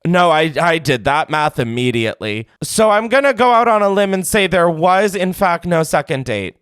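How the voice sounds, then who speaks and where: A man's voice: fairly high pitch, sing-song, normal speed, fairly bright tone, clean tone, no echo, studio quality. A man hosting a call-in comedy show, cracking jokes and swearing freely as he reacts. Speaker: podcast host taking calls. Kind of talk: casual comedic chat.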